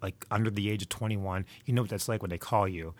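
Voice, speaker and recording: Low-voiced rambling middle-aged man. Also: fairly even intonation, fast talker. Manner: rambling, digressive storyteller. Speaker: movie reviewer. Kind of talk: casual monologue.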